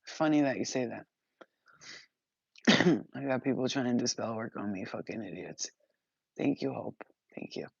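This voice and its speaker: Profane, animated woman vlogger. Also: extremely low pitch, measured pace, vocal fry, pauses often, breathy edge, no room sound, lo-fi sound. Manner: profane, animated, laughs often. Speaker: spiritual vlogger. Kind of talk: casual storytelling.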